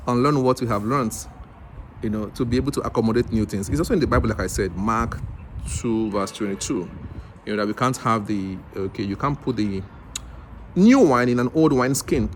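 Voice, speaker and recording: A man's voice: medium pitch, fairly quick, a little hiss or hum. A Nigerian man telling a story in a casual vlog, acting out the other people's lines and often restarting his sentences. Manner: animated, acts out dialogue with rambling restarts. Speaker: English teacher vlogger.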